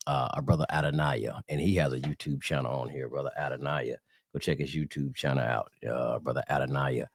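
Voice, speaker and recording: A religious channel host from the Southern United States, with a Southern accent, gives a casual talk in a very deep, gravelly, husky voice with a darkish tone. The recording is dry and studio-clean, and he rambles with fillers and restarts, calling his viewers y'all.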